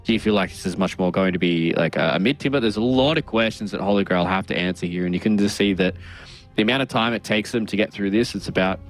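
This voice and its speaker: A man with a fairly low voice breaks down an esports draft as a caster. He thinks aloud, full of fillers and restarts, over faint background music. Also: fast. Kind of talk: esports draft analysis commentary.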